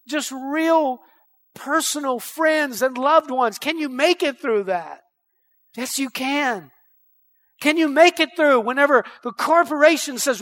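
A male pastor preaching a fervent sermon, firing rhetorical questions at the congregation and rising to loud declarations. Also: extremely high pitch.

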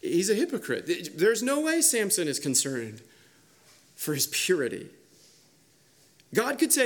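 A male pastor preaching a sermon, emphatic and animated, acting out the quoted voices he reads from. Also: sits high, unhurried, pauses often.

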